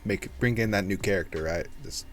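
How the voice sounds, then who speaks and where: Low-voiced joking male podcast host. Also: quick pace, a bit bright, faint music behind. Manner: jokey, laughs often, swears freely. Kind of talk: casual chat about a tabletop game.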